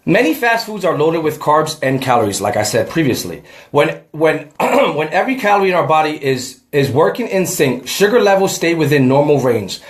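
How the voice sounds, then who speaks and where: A man vlogs a home workout, a bit breathless and chatty as he talks to the camera. His voice sits slightly high, and the room around him echoes. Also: very animated, moderate pace. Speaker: fitness vlogger. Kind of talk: casual home workout vlog.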